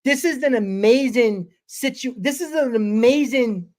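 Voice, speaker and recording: A man hosting a sports fan show from his small home studio, ranting fast and excitedly, swearing and repeating himself. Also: extremely high pitch. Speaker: host. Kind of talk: excited postgame fan rant.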